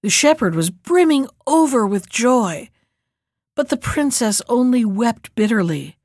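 A woman reads a storybook tale in a steady, measured way, her voice sitting somewhat high. The recording is close and dry with no room echo. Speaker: narrator. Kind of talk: storybook reading.

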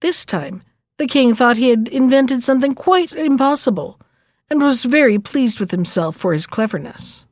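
A woman narrating a fairy tale in a measured, gentle storytelling manner. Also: a little high, expressive, no echo, clean studio sound. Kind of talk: storybook reading.

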